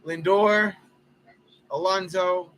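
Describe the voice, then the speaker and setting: A man doing casual play-by-play for a fan livestream, chatty and jokey, drifting into stories between pitches. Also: fairly even intonation, very slow, fairly bright tone.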